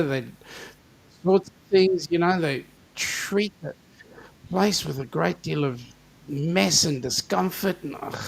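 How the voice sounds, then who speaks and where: A man's voice: on the high side, gravelly. An Australian man hosting a casual live-stream chat, joking and greeting viewers by name. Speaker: host.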